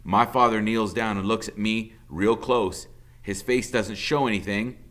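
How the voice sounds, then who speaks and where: A man's voice: on the low side, steady tone, a little slow, fairly bright tone. A male teacher reading a novel aloud in a plain storytelling voice.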